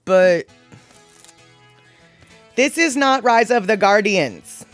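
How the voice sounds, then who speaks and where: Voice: mid-range voice, lively intonation, extremely slow, fairly bright tone, faint music behind. A livestream host in their forties chatting casually and reading viewer comments aloud, playfully exasperated.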